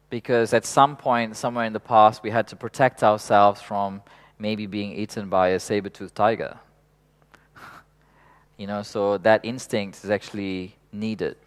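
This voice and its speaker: A man leading a workshop in an unhurried, reflective way, laughing softly now and then and swearing casually. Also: fairly low pitch. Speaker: workshop facilitator.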